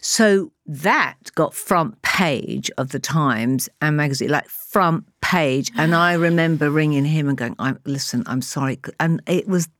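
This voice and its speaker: A woman in her sixties, a podcast guest, telling candid stories in a lively way and acting out the voices in them. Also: low voice, measured pace, few pauses, no echo. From England. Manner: animated, acts out voices in her anecdotes, laughs often. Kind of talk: candid conversational storytelling.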